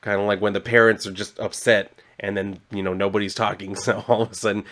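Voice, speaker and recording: A man with a lowish voice talks through a comic book plot in a loose, rambling way. He leans on filler words and drops casual swears as he goes. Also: level tone, quick pace, a bit bright.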